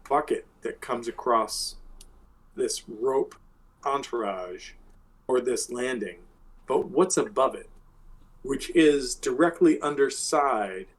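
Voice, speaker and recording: Slow, rambling man running a game. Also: mid-range voice, low-quality recording. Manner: rambling, searching with fillers. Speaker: game master. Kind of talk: narrating a tabletop game.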